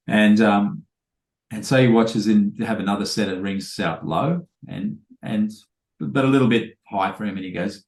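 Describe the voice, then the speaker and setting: A man's voice: on the low side, reverberant. A man, a trainer telling rambling anecdotes full of quoted dialogue in a casual podcast interview.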